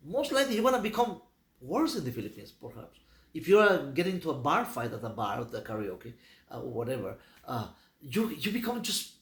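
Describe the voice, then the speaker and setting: Rambling man in an echoey room. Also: on the high side. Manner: rambling, many restarts and fillers. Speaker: vlogger. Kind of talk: casual talk to camera.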